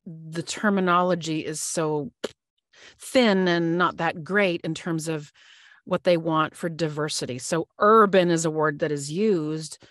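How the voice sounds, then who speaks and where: A woman with a fairly low voice hosts a podcast interview. She asks long, earnest questions and often pauses with fillers as she thinks. Her recording is dry and close. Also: fairly even intonation, no echo. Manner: earnest, searching, many fillers. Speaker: podcast host.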